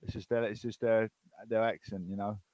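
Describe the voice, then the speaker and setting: A man's voice: on the low side, steady tone, normal speed, mellow, no room sound, poor audio. Brief: British male host, rambling and unsure, casual chat, dry close sound. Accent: British English. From United Kingdom.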